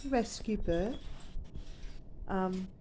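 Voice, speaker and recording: A woman's voice: mid-range voice, very slow, mellow, slight background noise. A woman chatting to her pet parrot in a sing-song, doting baby-talk way. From Australia. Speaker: pet owner. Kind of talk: casual chat to a pet bird.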